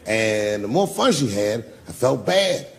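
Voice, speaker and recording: A man's voice: lowish voice, very animated, measured pace, gravelly, slight background noise. A man doing live stand-up, telling stories in a loose, profane, conversational way. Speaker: stand-up comedian.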